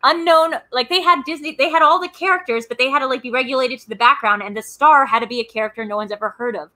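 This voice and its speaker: A woman's voice: sits high, fast, bright, forceful tone, rough recording. A woman co-hosting a casual movie podcast, rambling through film trivia with many fillers and restarts. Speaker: podcast co-host.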